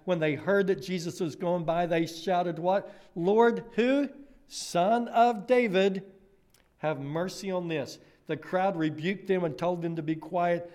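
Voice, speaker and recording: A man preaching a sermon, retelling scripture with lively storytelling and speaking directly to children. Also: on the high side. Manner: animated storytelling, addresses kids directly.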